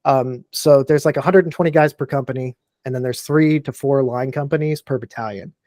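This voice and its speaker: Animated man in his forties. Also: medium pitch, brisk, dry recording, studio quality. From Texas and Tennessee, USA. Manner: animated, emphatic, fills speech with "like", swears freely. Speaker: podcast guest, military veteran. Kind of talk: casual chat.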